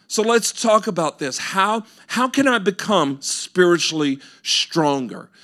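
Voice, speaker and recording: A man's voice: high voice, animated, unhurried, fairly bright tone. A male pastor preaching a sermon, earnest and building with repeated rhetorical questions.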